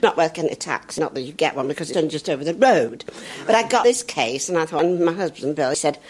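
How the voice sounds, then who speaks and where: A woman's voice: fairly low pitch, sing-song, quick pace, darkish tone, some chatter behind. An older woman from northern England, a veteran actress telling chatty, self-mocking comic stories. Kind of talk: comic anecdote.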